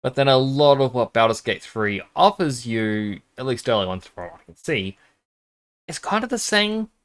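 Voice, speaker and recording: A man's voice: mid-range voice, sing-song, normal speed. Chatty male streamer, rambling and self-conscious. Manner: rambling, self-conscious, tests whispering at the mic. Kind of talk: casual game-stream chat. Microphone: streaming microphone.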